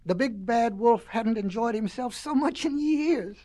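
A woman reading a children's story aloud in an expressive, folksy way. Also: a little high, a little slow, loud music behind the voice.

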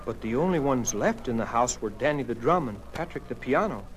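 A man narrating a children's story in an expressive storybook cadence. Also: mid-range voice, fairly quick, low-quality recording. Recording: music playing behind.

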